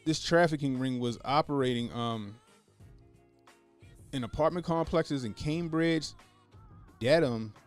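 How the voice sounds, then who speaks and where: A man hosts a casual livestream and chats loosely with his viewers. His talk is animated and full of profanity, and he laughs easily as he reacts to the comments. A little music plays softly in the background. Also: mid-range voice, a little slow, long pauses. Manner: animated, profane, laughing, reading chat aloud. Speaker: livestream host.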